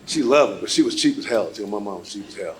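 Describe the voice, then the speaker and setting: A man performing a stand-up comedy set on a club stage, animated and shouting his punchlines. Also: on the low side, fast talker. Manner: animated, loud punchlines, slips into voices for characters. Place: comedy club stage before a live audience. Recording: live stage mic with crowd laughter.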